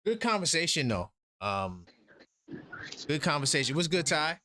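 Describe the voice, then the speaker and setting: A man's voice: on the high side, big pitch swings, normal speed, bright, forceful tone, dry recording. A man hosting a fan livestream, welcoming a caller back with easygoing, brief remarks. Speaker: livestream host. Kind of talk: casual chat.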